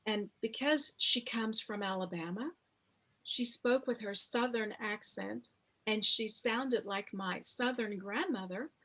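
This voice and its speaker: Woman, 50s, author in an interview; husky, unhurried storyteller. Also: mid-range voice, a bit bright. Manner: slow, reflective storytelling with many pauses. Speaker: author interviewed about her memoir.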